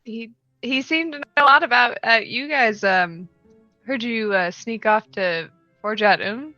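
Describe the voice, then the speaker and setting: Woman player at a tabletop game, bright voice, slow and laid back, dull dry mic. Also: on the high side, no echo, soft background music. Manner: relaxed and playful, laughing between lines.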